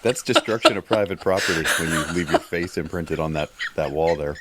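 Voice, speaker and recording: A man's voice: low-pitched, brisk, heavy background noise. A man playing a tabletop game, teasing another player with amused jokes. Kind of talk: casual tabletop play.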